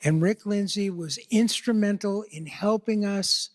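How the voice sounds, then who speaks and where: Guy with a high voice thanking everyone for coming, stumbles and repeats words, dry sound. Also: dry recording. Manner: halting, grateful, repeats words. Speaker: memorial organizer. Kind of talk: thanking the audience.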